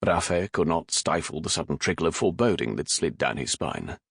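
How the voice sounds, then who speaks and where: A man narrating a historical romance audiobook in a measured, dramatic reading. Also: extremely low pitch, expressive, creaky, a bit bright, husky, no echo, studio quality. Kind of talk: scripted narration.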